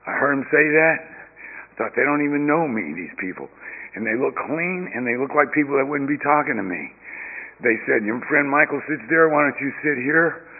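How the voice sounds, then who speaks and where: Man sharing his story at a meeting; raspy, gravelly voice; thin, phone-like sound with a long echo. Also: medium pitch, lively intonation, normal speed. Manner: storytelling, acting out others' lines, self-deprecating humor. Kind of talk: personal testimony talk. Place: meeting hall. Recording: tinny phone-like sound, long hall reverb.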